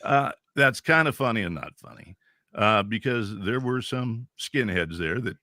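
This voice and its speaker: A man in his sixties from Central California, a veteran radio DJ telling stories as a podcast guest in an animated, chuckling way. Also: lowish voice, measured pace, dry recording, clean studio sound. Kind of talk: casual storytelling.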